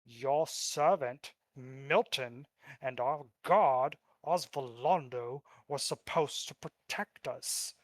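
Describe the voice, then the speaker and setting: A man voicing an arrogant, proud male noble lord who speaks loudly and haughtily. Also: mid-range voice, takes it slowly, dry recording, lightly acted. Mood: bargaining.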